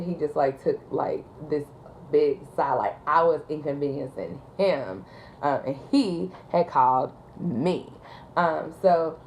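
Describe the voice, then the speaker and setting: Low-voiced woman telling a work story. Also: a little mellow, slight background noise, rough recording. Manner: chatty, frequent ums and likes, laughs at her story. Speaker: 911 call taker and dispatcher. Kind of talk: casual storytime vlog.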